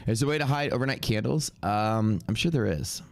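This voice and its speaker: A man's voice: on the low side, a little fast, creaky. A young adult man with sniffles, casually commentating a live trading stream and thinking aloud as he reads out numbers. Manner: offhand, thinking aloud while reading out numbers. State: congested with sniffles. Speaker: live-stream day trader.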